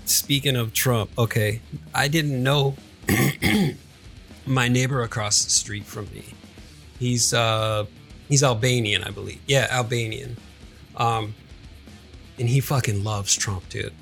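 A man co-hosting a casual chat podcast, telling relaxed, profane anecdotes about his neighbors. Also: mid-range voice, slow, gravelly, long pauses, soft background music. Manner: laid-back, profane anecdote teller.

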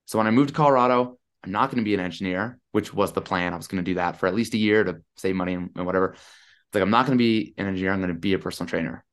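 A man's voice: low-pitched, racing. Chatty man telling a story. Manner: animated, chatty, lots of "I'm like". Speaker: podcast guest. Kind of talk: casual storytelling.

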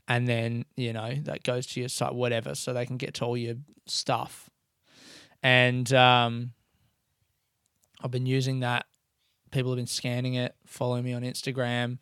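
A young man hosting his podcast in a casual, rambling monologue, excitable and swearing freely. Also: medium pitch, clean tone, no echo, studio quality. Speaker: podcast host and comedian.

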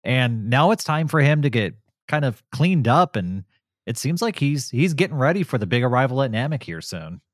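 A man co-hosting a podcast recorded close and dry, with no room sound at all. He talks in a loose, casual review style, keen and often laughing. His voice sits at an ordinary middle pitch. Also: big pitch swings, normal speed, dry recording. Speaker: podcast co-host. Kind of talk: casual episode review chat.

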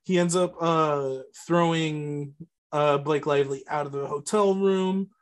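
A man with a slightly high voice walks through a film plot in casual podcast chat. He rambles, stopping and restarting with plenty of ums and uhs. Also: fairly even intonation, unhurried, clean tone. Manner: rambling, many fillers and restarts. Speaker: podcast co-host. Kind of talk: casual movie recap chat.

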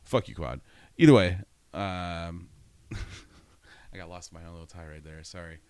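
A man's voice: low-pitched, measured pace, a little mellow, clean tone. A man telling a story in a casual, profane monologue, ranting and laughing as he goes.

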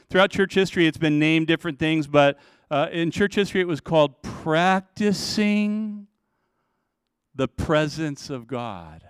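High, smooth-voiced man preaching a sermon. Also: dry recording, studio quality. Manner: conversational preaching, acting out prayers in a soft voice. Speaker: pastor.

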